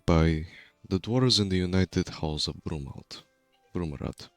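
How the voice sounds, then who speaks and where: A man playing his character in a tabletop game, speaking in an earnest, measured way with a husky voice. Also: no room sound, faint music behind. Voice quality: very deep, gravelly and husky. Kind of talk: in-character role-play.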